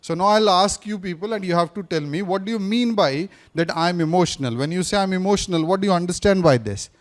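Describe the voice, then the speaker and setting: A man with a fairly high voice leads a classroom lesson, firing questions at his audience and circling back to the same point. He talks to the room in a teacherly, probing way. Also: quick pace. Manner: questions the audience, repeats points, switches briefly into Hindi. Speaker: speaking coach teaching a class. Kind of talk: interactive classroom lecture.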